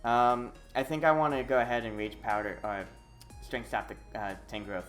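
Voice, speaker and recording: A streamer giving live commentary on a video game, excitable and full of hesitant fillers. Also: mid-range voice, normal speed, faint music behind. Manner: excitable, swings from quiet muttering to loud whooping.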